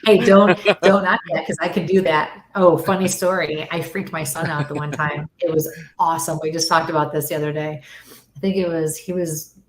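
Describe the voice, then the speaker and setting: A woman's voice: sits low, normal speed, a little hiss or hum. A middle-aged woman telling stories in a casual chat, acting out the voices of the people she quotes. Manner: animated storyteller, acts out quoted voices. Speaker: guest. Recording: roomy echo.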